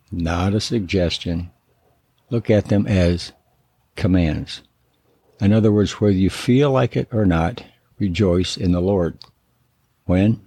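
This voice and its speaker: A man's voice: low voice, a little mellow, slightly rough, dry recording. A man, a biblical counselor, giving an earnest, emphatic teaching talk that stresses and repeats key words. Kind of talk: teaching sermon.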